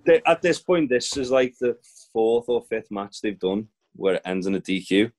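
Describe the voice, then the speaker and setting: Young bloke, blunt and sweary, just chatting through the week's matches. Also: male voice, lowish voice, expressive, normal speed, a little mellow. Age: young adult. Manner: blunt, sweary, laid-back recapping. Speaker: podcast co-host. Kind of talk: casual chat, recapping wrestling.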